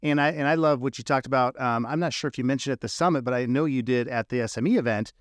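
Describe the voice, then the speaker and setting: A man's voice: medium pitch, fast talker, no echo, studio quality. A man hosting a podcast interview, asking long, searching questions with frequent restarts. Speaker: podcast host. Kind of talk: conversational interview.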